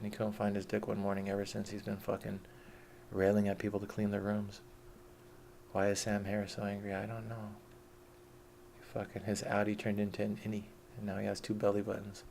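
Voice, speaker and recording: A middle-aged man with a low, heavily gravelly voice rants in a casual vlog. He is profane, combative and mocking. A faint hiss sits under the recording. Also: a little mellow. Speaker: vlogger. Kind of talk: unscripted rant.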